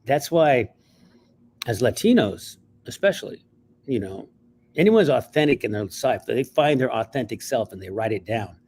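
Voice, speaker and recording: A male writer and actor telling stories in an interview, animated and acting out bits along the way. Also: medium pitch, moderate pace, slight background noise. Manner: animated, acts out voices, frequent restarts. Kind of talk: interview storytelling.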